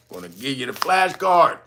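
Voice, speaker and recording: A man hosting a casual news commentary stream, talking in a profane, animated way and often laughing. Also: medium pitch, background noise. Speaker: channel host.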